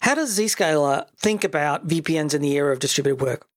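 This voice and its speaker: A man's voice: on the high side, expressive, fairly quick, dry recording, clean studio sound. A man hosting a tech podcast, talking in an opinionated, conversational way with a wry edge. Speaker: podcast host. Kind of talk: casual tech podcast chat.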